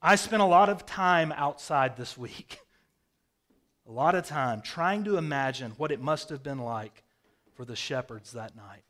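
A man preaching a sermon, telling vivid stories with sudden swings from loud bursts to quiet, hushed phrases. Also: fairly high pitch, expressive, unhurried. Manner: storytelling, dramatic swings in loudness. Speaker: pastor. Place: rural home with a hayfield.

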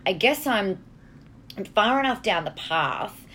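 A woman's voice: medium pitch, animated, slow, sharp tone, slight background noise. A woman with an Australian accent hosting a casual solo podcast from a hotel, talking candidly and bluntly and swearing freely. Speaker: podcast host, marketing coach.

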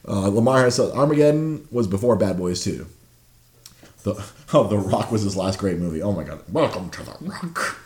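A man with a fairly low voice chats loosely, leaning on fillers and curse words. The sound is roomy and echoey, as if recorded in a bare room. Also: moderate pace, a little mellow. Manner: rambling, profane, lots of fillers. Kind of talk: casual chat.

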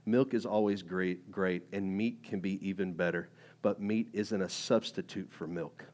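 A man preaching a sermon in a conversational, animated way, full of fillers and rising emphatic bursts. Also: sits low, normal speed. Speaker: pastor.

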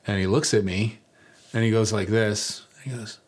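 A man's voice: on the low side, fairly even intonation, moderate pace, slightly rough. A middle-aged man preaching a sermon, telling a story in a conversational, self-deprecating way.

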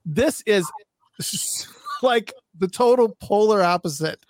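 A man's voice: sits high, animated, takes it slowly, no echo, clean studio sound. A man hosting an interview, asking questions in an enthusiastic, chatty way. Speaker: host. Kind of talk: casual interview chat.

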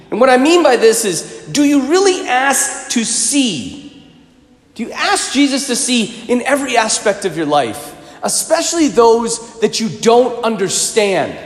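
A priest preaching a sermon, telling a personal story in an animated way with chuckling asides. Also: male voice, extremely high pitch. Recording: echoey reverberant hall.

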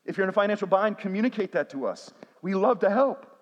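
A man's voice: high voice, lively intonation, fast, highs cut off. A man, a pastor preaching a sermon with call-and-response refrains. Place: church sanctuary. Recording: long hall reverb.

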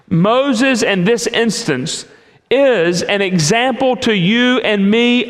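High-pitched guy preaching slow and emphatic, big hall reverb. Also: animated, a bit bright. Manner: emphatic, drawn-out pauses between phrases. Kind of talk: sermon.

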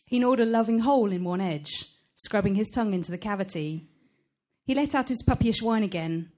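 A woman author reading her own novel aloud at a live event, measured and expressive. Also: mid-range voice.

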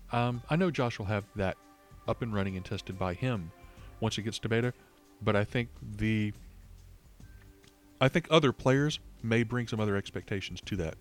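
A man's voice: fairly low pitch, moderate pace, faint music behind. A man co-hosting a casual gaming podcast over an online call, thinking aloud in long, rambling turns full of restarts. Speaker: podcast co-host. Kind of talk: casual chat.

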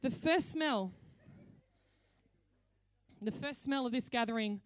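An Australian woman pastor delivers a sermon in a conversational, playful storytelling style. Her voice sits fairly high and she speaks slowly, with dry, close sound and no room noise.

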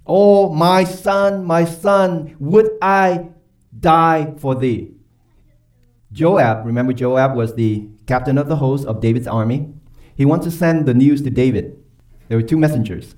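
A man preaching a sermon as pastor, emphatic and quick to pose rhetorical questions to his congregation. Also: mid-range voice, dark tone. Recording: voice from far off the mic.

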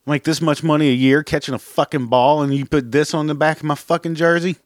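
A man's voice: a little high, fairly even intonation, a little fast, dry recording, clean studio sound. Profane, blunt man ranting on a podcast. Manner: profane, blunt, laughs at his own jokes. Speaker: podcast host. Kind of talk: casual solo rant.

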